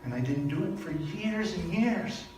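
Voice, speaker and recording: A man's voice: fairly high pitch, unhurried. Storytelling man in an echoey hall. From Canada. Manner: storytelling, animated, with emphatic repetitions. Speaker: speaker at a spiritual church service. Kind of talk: personal sermon. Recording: very echoey hall from far off, faint noise.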